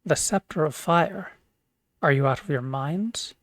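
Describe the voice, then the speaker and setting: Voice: mid-range voice, a little slow, close to an everyday voice. A streamer voicing a proud, suspicious dwarf chieftain while reading game dialogue aloud, scornful in manner. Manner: scornful, mocking laughter.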